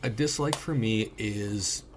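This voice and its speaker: A man's voice: on the low side, takes it slowly, noisy background. A man co-hosting a podcast, reviewing a movie in casual chat, blunt and profane as he tells stories. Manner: blunt, profane, animated storytelling. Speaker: podcast co-host.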